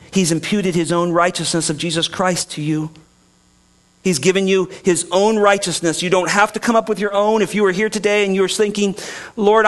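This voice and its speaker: A pastor preaching a sermon in an earnest way, dropping soft and slow, then rising loud and emphatic. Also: male voice, high-pitched.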